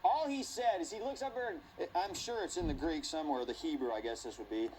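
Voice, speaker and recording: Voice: medium pitch, sing-song, fast talker, hardly any pauses, darkish tone, slight background noise, poor audio. A Bible teacher telling a Bible story to a class in a playful, theatrical way, laughing and acting out the scenes.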